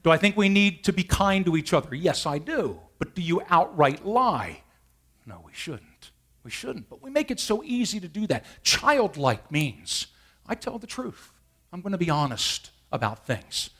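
A man preaching a sermon as pastor, an animated storyteller who laughs along with his own stories. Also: high voice, normal speed.

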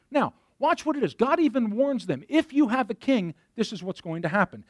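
A man preaches to his congregation in a lively, swooping voice that sits high for a man. He talks them through scripture and reads verses aloud. The sound is dry and close. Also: moderate pace, no echo. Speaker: pastor. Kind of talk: sermon.

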